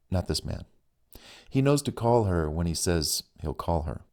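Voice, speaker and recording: A man's voice: low-pitched, expressive, slow, a little mellow. A man narrating his own romance audiobook in an earnest, conversational way. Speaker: author and narrator.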